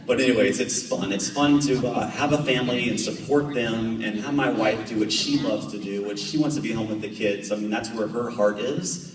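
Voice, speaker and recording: A man's voice: lowish voice, moderate pace, a crowd in the background. A man in his thirties, a triathlete guest speaker, telling jokey stories to a club meeting. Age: 30s. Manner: chatty, jokey, animated anecdotes. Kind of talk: storytelling talk to a club. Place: meeting room. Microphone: far camera. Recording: echoey room from far off.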